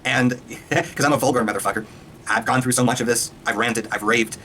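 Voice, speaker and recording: Excitable, foul-mouthed man ranting. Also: mid-range voice, slight background noise. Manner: excitable, profane, rapid-fire ranting. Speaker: video reviewer. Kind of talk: casual rant.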